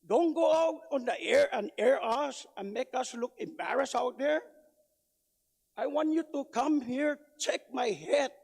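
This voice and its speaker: Brief: man with testifying, very high gravelly voice, slow and loud, long hall reverb. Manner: loud, emphatic, indignant. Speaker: public testifier at a legislative hearing. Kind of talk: public testimony. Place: legislative hearing room. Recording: reverberant hearing room.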